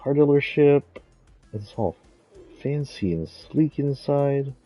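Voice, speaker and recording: A man's voice: medium pitch, lively intonation, slow, no room sound, lo-fi sound, soft background music. A man giving casual, rambling gameplay commentary, thinking aloud and correcting himself as he goes. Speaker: streamer.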